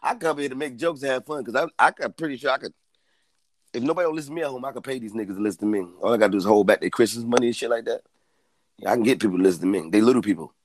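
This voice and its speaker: A man's voice: medium pitch, very fast, dry recording. A man hosting a livestream with loose comic banter, clowning and laughing often. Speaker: comedy host.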